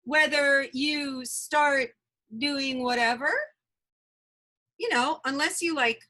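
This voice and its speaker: Her voice is high-pitched, steady, pushed and bright, and she talks at a slow pace on a low-quality recording. As a guest in an interview, this woman, an energy healer, shares her personal story earnestly and emphatically, often repeating herself.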